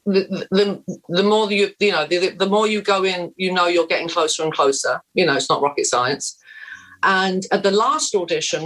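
An English actress in her fifties, a guest telling stories in a blunt, lively way in a casual interview. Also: fairly low pitch, rough recording. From England.

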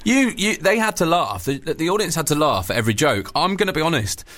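A man's voice: on the high side, sing-song, brisk, a bit bright. A man hosting a casual radio interview, chatty and jokey with his guest. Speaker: radio host.

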